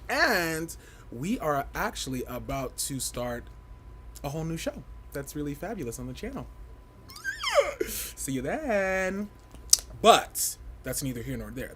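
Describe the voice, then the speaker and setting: A man in a mid-range voice hosts a casual livestream chat. He is campy and playful, swooping up and down in pitch. He is sassy and outspoken, with a faint hum of noise behind him. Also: a bit bright. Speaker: livestream host of a fashion review show.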